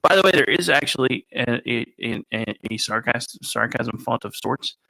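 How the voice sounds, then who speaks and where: A man's voice: medium pitch, expressive, moderate pace, gravelly, pushed and bright, no echo, poor audio. A man co-hosting a casual radio chat show in a studio, teasing his co-host playfully. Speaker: radio co-host, ordained minister.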